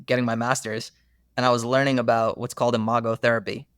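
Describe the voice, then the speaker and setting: A man's voice: mid-range voice, flat delivery, quick pace, fairly bright tone, clear, resonant tone, no echo, studio quality. A young man in a casual podcast conversation, telling stories earnestly and animatedly, with many fillers. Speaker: therapist guest.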